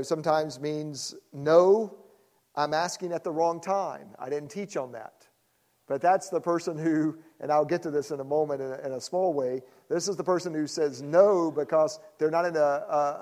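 A middle-aged man with a slightly higher voice gives a relaxed church teaching talk. He jokes with the crowd and teases people in the front row. He acts out quick bits of dialogue as he goes. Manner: conversational and joking, teases the audience, acts out quoted people. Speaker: pastor teaching church leaders.

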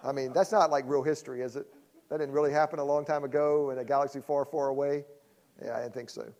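A man's voice: mid-range voice, fairly even intonation, fast talker, darkish tone. A middle-aged male pastor teaches a church audience in a loose, conversational way, teasing people in the crowd and acting out the people he quotes. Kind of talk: conference teaching talk.

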